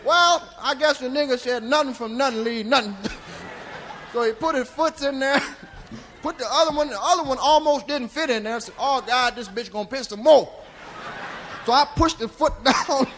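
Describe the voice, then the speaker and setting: A comedian playing a crude, rambling old storyteller, telling a long tale with chuckling asides on a live comedy record. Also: male voice, very high voice, moderate pace, long pauses, a bit bright, slight background noise. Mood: drawling, rowdy. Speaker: stand-up comedian. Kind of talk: stand-up character monologue. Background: audience laughter.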